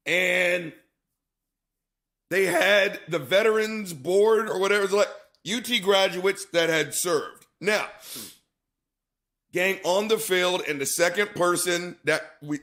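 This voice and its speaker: Chatty co-host with a high voice, rambling profane story to his audience. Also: fairly bright tone. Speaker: show co-host. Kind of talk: casual monologue to viewers.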